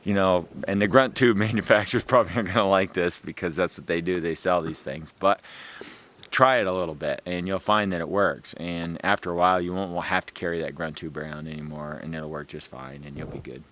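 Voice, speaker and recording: A man's voice: low voice, steady tone, fairly quick, fairly bright tone. A man hosting a hunting video, explaining deer calls in a rambling, chatty way and laughing often. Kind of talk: casual instructional talk.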